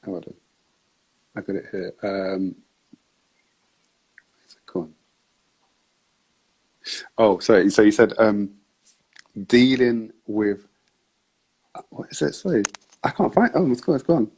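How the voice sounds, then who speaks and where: A man hosting a casual interview, easygoing, often answering with quiet "mm" sounds and chuckles. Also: on the low side, slow pace, pauses often, husky, poor audio. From United Kingdom. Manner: easygoing, frequent "mm" affirmations, chuckles. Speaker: podcast host.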